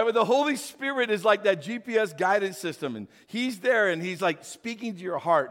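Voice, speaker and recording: A man preaching a sermon as pastor, emphatic, swinging between loud bursts and quiet asides, recorded in an echoey hall. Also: sits high, expressive, fairly quick.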